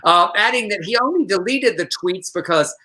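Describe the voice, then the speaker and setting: A man's voice: high-pitched, lively intonation, normal speed, sharp tone, poor audio. A man, co-hosting a casual live-streamed talk show, chatty and prone to restarting his sentences.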